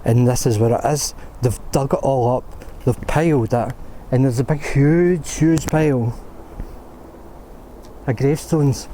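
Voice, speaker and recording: A man rants with fury in an outdoor vlog, his voice dark and mellow. Faint outdoor noise sits behind him. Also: mid-range voice, a little slow. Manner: outraged, ranting, swearing. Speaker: paranormal vlogger. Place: graveyard outdoors.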